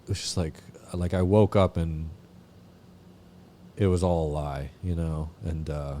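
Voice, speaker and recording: A man from Vermont, a podcast guest, telling his recovery story in a halting way with lots of fillers and swearing. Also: rumbling low, little pitch movement, warm tone, a little hiss or hum. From Vermont, USA. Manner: halting, many fillers and restarts, frequent swearing. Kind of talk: candid personal recovery story.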